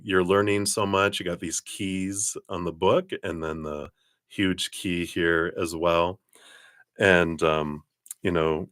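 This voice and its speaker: A man giving a live tarot card reading in a relaxed, chatty way, often laughing. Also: low voice, clear, resonant tone, no echo.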